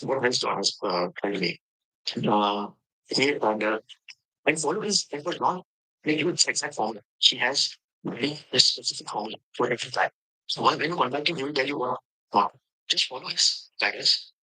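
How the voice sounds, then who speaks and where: A man from India with an Indian accent, giving a halting testimonial about his coach. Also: medium pitch, animated, sharp tone, slightly rough, poor audio. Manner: halting, with many fillers and restarts. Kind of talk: recorded testimonial.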